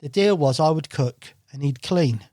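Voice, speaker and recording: A man, a guest angler on a podcast, telling stories in a casual, animated way, swearing freely and acting out what people said. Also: on the high side, moderate pace, no room sound, studio quality. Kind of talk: casual storytelling chat. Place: podcast studio. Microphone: studio mic.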